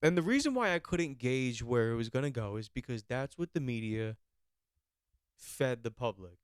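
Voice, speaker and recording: A man's voice: mid-range voice, expressive, normal speed, clean tone, no room sound, clean studio sound. A young man hosting a podcast in casual chat, rambling, repeating himself and swearing. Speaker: podcast host.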